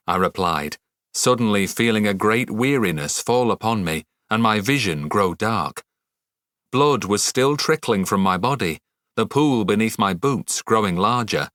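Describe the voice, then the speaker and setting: A man narrating a dark fantasy audiobook in the first person, measured and dramatic. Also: on the low side, expressive, no room sound, studio quality.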